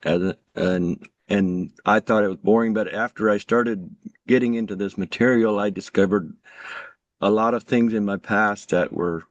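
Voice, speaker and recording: A man raised in an Amish community introducing himself on a group call, halting and sincere, with many restarts. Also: on the low side, no echo, highs cut off. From Amish community, USA. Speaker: truck driver and coach, participant.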